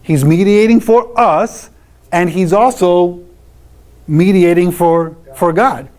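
A man's voice: high-pitched, slow, a little mellow. A man teaching a church doctrine class in a conversational way, asking his listeners questions and answering them. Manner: conversational, asks rhetorical questions.

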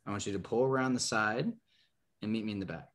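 A man's voice: on the low side, fast. A young man from Nebraska, a podcast guest telling a long story, full of "like" and "um", acting out the people in it. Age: young adult. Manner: rambling, full of "like" and "um"; acts out the people in his story with lively quotes. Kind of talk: casual storytelling.

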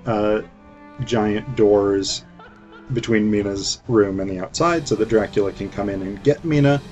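A man's voice: lowish voice, a little mellow, muffled recording. A man hosting a casual film review, retelling the plot in a sarcastic, jokey way with lots of fillers. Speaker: host.

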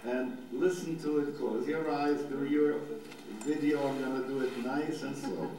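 Older rabbi guy in his 70s, talks real slow and gentle, big echoey hall with a bit of hiss. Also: mid-range voice, steady tone. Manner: gentle, unhurried guidance with drawn-out pauses. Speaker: rabbi giving a lecture. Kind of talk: guided meditation teaching and slow scripture reading. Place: large lecture hall. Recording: very echoey hall recording with faint background noise.

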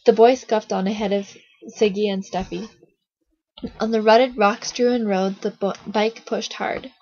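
A woman reading a children's novel aloud, in a steady storytelling manner with small slips. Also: mid-range voice, measured pace, slightly rough, no room sound. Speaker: reader, narrator. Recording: dull lo-fi recording.

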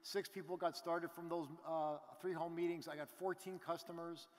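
High-voiced man speaking in a big hall. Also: normal speed. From Canada. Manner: animated storytelling with crowd asides. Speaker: business event speaker. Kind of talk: motivational stage talk. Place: large event hall. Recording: reverberant hall.

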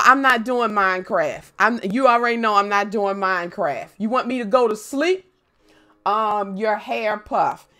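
In a slightly high voice, a young gaming streamer chats loosely with viewers, playful and foul-mouthed, squealing loudly as she welcomes people.

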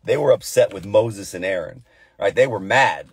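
Male Bible study host, casual and conversational, slangy retelling of scripture; husky tone, dry close sound. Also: on the low side, expressive, moderate pace, no echo. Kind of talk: casual devotional Bible teaching.

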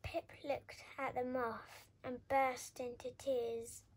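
A woman reading a children's picture book aloud with expressive, lively storytelling. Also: high voice, takes it slowly, breathy edge. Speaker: storybook reader.

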